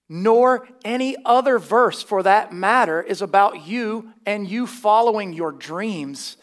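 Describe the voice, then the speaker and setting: High-voiced and fairly bright in tone, this preacher delivers his sermon with emphasis. Straightforward teaching alternates with wryly humorous remarks, and he's drily contemptuous of false doctrine.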